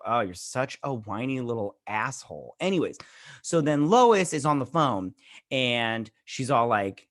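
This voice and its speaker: A man's voice: medium pitch, a bit bright. Guy doing a rambly tv episode recap, mid voice, blunt offhand comments. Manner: rambling retelling, acts out characters' lines; blunt, occasionally crude asides. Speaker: TV review host. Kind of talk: casual episode recap and review.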